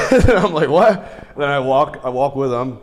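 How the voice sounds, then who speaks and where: A man's voice: medium pitch, lively intonation, moderate pace, in a large hall. A man, a podcast guest, telling stories in casual, profane chat, often laughing and acting out what others said. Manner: profane, laughs mid-story, acts out quotes.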